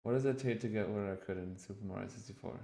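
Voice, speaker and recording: A man's voice: on the low side, fast, gravelly, mellow. A man streaming a reaction to a documentary, talking casually, swearing freely and getting openly emotional. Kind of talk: casual live-stream commentary.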